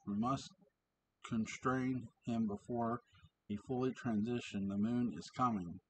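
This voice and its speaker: A man reading the part of a stern, commanding older woman in his own story at home, in a measured, flat way. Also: medium pitch, slight background noise, lightly acted, poor audio. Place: home with cats around.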